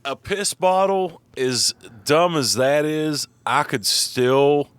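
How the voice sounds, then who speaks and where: A man's voice: on the high side, lively intonation, slow pace, a bit bright, clean tone, dry recording. A man co-hosting a podcast, telling stories in casual chat, swearing and laughing a lot. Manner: profane, laughing storyteller. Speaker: podcast co-host.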